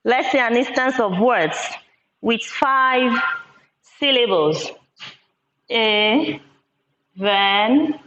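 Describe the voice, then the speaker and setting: A woman teacher with a somewhat high voice leads a lesson at a very slow, deliberate pace, repeating words syllable by syllable. She was recorded in an echoey classroom with a board, and the sound is dull and lo-fi. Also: animated, fairly bright tone.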